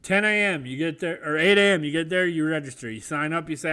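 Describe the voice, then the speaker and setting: A man's voice: fairly high pitch, quick pace, few pauses, bright, forceful tone, clear, resonant tone. A man from the American Midwest co-hosting a comedic podcast, riffing profanely and slipping into silly put-on voices. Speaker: podcast co-host. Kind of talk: comedic casual chat.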